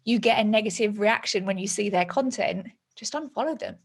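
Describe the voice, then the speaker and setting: A woman's voice: mid-range voice, fairly quick, creaky, breathy edge. A woman hosting her own podcast interview. She reacts with enthusiasm and affirms what her guest says, chatting casually between questions. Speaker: podcast host, business owner.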